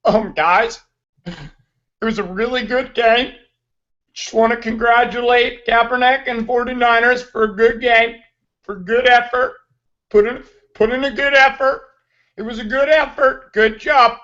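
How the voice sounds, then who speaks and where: A man's voice: very high-pitched, fairly even intonation, unhurried, sharp tone, muffled recording, exaggerated voice. A man voicing an overly polite male athlete giving a bland, mock-classy post-game interview.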